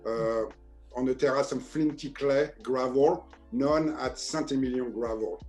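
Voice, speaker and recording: A man's voice: medium pitch, unhurried, a little mellow. Man, french accent, wine merchant guest, hesitant with fillers, faint music behind. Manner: hesitant, many fillers, factual. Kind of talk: casual chat on a video tasting.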